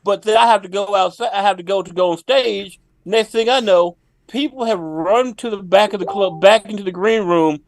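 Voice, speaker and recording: A male comedian, a guest on a podcast, telling a story in a lively, laughing way. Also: high-pitched, normal speed, dry recording.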